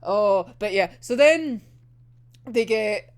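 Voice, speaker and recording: A woman vlogger giving a casual anime episode reaction, excitable and sweary, often breaking into giggles. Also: medium pitch, takes it slowly.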